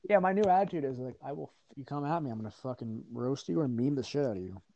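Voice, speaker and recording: A man's voice: medium pitch, quick pace, creaky, dark tone, dry recording, muffled recording. A man chatting casually with friends on a podcast, blunt and profane, often trailing off mid-sentence. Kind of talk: casual chat.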